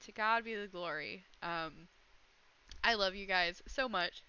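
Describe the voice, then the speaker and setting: A woman's voice: medium pitch, unhurried, sharp tone, clear, resonant tone, highs cut off. A woman streaming casually, chatting to her viewers and gushing thanks, close to tears. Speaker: streamer hosting Bible study. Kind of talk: casual livestream chat.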